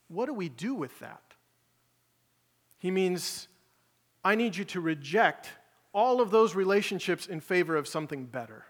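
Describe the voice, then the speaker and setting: High-voiced male pastor in a reverberant hall. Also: animated, measured pace. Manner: conversational preaching, voices Jesus and listeners in casual paraphrase. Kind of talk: sermon.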